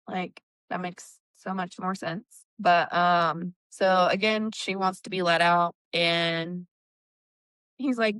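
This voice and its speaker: Woman book-chat host, casual and animated; smooth resonant tone, dry sound. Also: on the low side, takes it slowly, dry recording. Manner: animated recapping, acts out quotes, swears. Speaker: book club podcast host.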